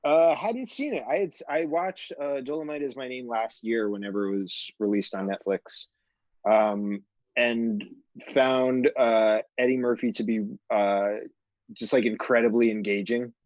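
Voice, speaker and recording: A man's voice: mid-range voice, a little slow, darkish tone, dry recording. Podcast cohost guy, lots of ums, kinda muffled dry audio. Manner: hesitant, many fillers. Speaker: podcast co-host. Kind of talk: casual chat.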